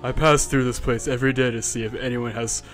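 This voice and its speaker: A man voicing a gentle, motherly goat woman caretaker with a soft, kindly delivery, reading game dialogue on a stream. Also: mid-range voice, fairly even intonation, fast, faint music behind, close to an everyday voice.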